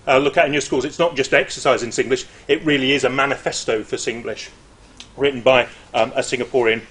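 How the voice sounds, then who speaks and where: A middle-aged man gives an informal seminar talk as a university lecturer. His voice sits at a mid pitch, and he keeps things lively with chatty asides and frequent hesitations. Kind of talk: informal academic presentation.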